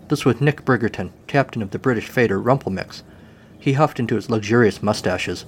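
A man's voice: lowish voice, fairly quick, a little hiss or hum. A man narrating a comic story in a dry, wry way.

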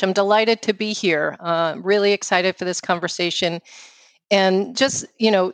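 A woman in her fifties with a New York accent, a guest speaking in an outspoken, quick, casual way with lots of "you know.". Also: mid-range voice, no room sound. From New York City. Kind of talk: casual interview conversation.

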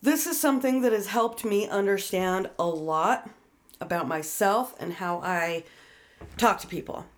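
Woman, casual talker, blunt and foul-mouthed, animated explainer. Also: medium pitch, unhurried. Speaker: friend giving advice. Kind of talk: casual chat.

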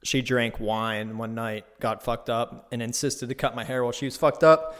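A man hosting his own podcast, telling a trip story in a casual, profane, animated way from a new, unfurnished home studio. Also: medium pitch, moderate pace. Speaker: podcast host. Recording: echoey bare room.

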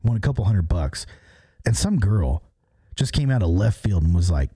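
A man's voice: deep voice, big pitch swings, moderate pace, mellow, slightly rough. A man co-hosting a podcast, chatting casually and trading crude, joking banter. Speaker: podcast co-host. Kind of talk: casual chat.

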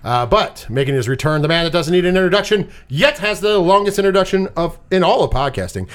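High, lively man hosting a podcast. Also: fast, few pauses. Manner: hype announcer-style introductions; rambling with fillers and laughs. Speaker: podcast host. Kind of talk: casual podcast chat.

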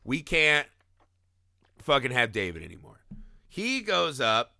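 Animated, bright-voiced man ranting profanely. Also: medium pitch, slow, gravelly, no echo. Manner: profane, animated, acts out characters' lines. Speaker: podcast co-host. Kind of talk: casual comedic movie review chat.

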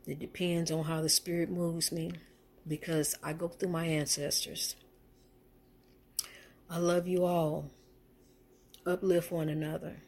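A woman's voice: sits low, level tone, unhurried, long pauses, a little mellow. A middle-aged woman, telling a heartfelt personal story in a faith vlog, emotional and repetitive, sometimes preachy. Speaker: faith vlogger.

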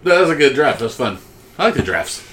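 A man co-hosting a casual podcast chat, making jokey quick interjections and laughing. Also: mid-range voice, big pitch swings, a bit bright, a little hiss or hum. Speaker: podcast co-host.

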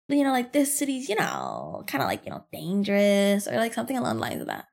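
A young woman podcast host telling a workplace story in casual chat, animated and profane, with lots of fillers and frequent laughter. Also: medium pitch, quick pace, vocal fry, few pauses. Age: young adult.

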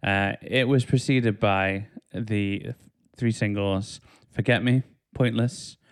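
A man's voice: lowish voice, fairly even intonation, takes it slowly, clean tone. A man hosting a casual podcast chat, reading album facts aloud and laughing at clumsy wording. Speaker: podcast host.

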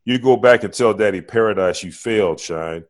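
Deep-voiced man doing a swaggering hood, threatening, tough slang, storybook reading. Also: moderate pace, lightly acted. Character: crude male gangster thug, blustering.

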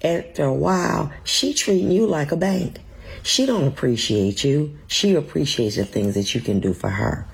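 Older lady in her 60s, gravelly husky voice, preachy blunt advice to men. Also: deep voice, expressive, normal speed. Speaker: relationship advice speaker in a clip. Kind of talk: direct advice monologue.

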